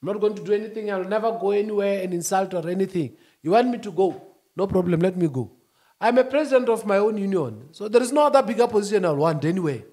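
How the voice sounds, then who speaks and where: A man speaking as a union-leader guest, emphatic, rising to shouts and then dropping low. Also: expressive, fast. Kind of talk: animated interview talk.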